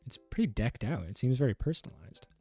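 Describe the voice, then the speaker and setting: A young man streaming a game, talking casually and cracking jokes as he rambles. He trips over his words and corrects himself mid-sentence. His tone is mellow and soft-edged, with faint music in the background. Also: mid-range voice, very animated, fast talker, vocal fry. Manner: joking, rambling, stumbles and self-corrections. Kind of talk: casual let's-play commentary.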